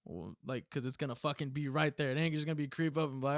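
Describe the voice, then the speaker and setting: Swearing, animated young man telling stories. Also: a little high, racing, no room sound, studio quality. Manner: swears freely, animated storytelling with acted quotes. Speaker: podcast guest, former Marine. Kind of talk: casual chat.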